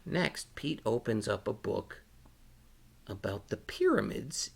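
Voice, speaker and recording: A man reading a picture book aloud to children at storytime, animated and stopping to ask them questions. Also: lowish voice, takes it slowly, creaky, breathy edge. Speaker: storytime reader.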